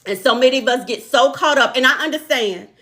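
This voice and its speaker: A middle-aged woman hosts a live talk for her online viewers. Her voice sits a little high and rings very bright as she builds her points like a sermon, repeating key lines and greeting people by name. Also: fairly quick. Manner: warm, preacher-like, repeats lines for emphasis, calls out viewers by name.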